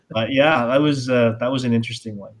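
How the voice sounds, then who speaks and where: A man's voice: medium pitch, normal speed. Man chatting as a podcast guest. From Hong Kong. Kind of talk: casual chat.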